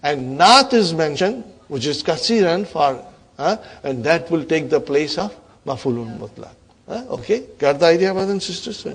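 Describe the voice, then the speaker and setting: A middle-aged male Arabic teacher with a slightly high voice lectures his class in plain, encouraging English. He quizzes the students often and says Arabic phrases slowly and deliberately. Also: lively intonation, vocal fry, slightly rough.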